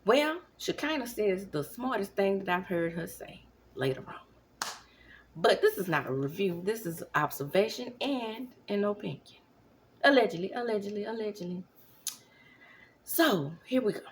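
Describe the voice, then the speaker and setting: A woman in her thirties giving casual commentary at home, animated, now and then dropping into whispers. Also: medium pitch, normal speed, slight background noise. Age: 30s. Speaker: vlogger. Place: home, at night.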